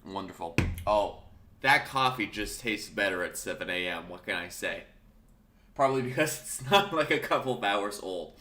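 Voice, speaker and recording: A man with a bright, low voice hosts his solo morning talk show, his early-morning throat still rough. He rambles and corrects himself as he goes. The room around him is echoey. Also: animated, moderate pace, a little hiss or hum. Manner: chatty, rambling, self-correcting. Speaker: podcast host.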